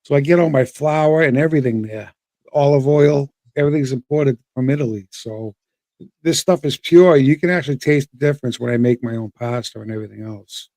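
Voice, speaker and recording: A man's voice: mid-range voice, a little fast, dark tone, no room sound. A man in a casual podcast chat. He rambles and repeats words as he restarts his sentences. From Boston. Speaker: co-host.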